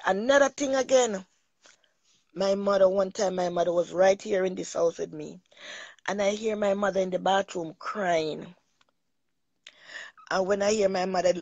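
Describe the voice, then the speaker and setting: A woman's voice: lowish voice, darkish tone, dry recording, highs cut off. A middle-aged woman hosting a talk show, telling a personal story in an emotional, rambling way and often repeating herself.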